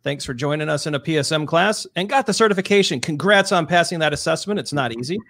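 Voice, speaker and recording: A man's voice: fairly high pitch, fast, creaky, fairly bright tone, dry recording, clean studio sound. A man co-hosting a podcast in casual chat, upbeat, reading listener questions aloud. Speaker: podcast co-host.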